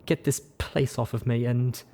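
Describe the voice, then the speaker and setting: A man's voice: medium pitch, level tone, moderate pace, voice pushed up, natural voice. Man doing a tearful, shaky young pegasus mare. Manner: soft, timid. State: crying, shaky. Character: fragile tearful young female pegasus pony. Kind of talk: audiobook reading.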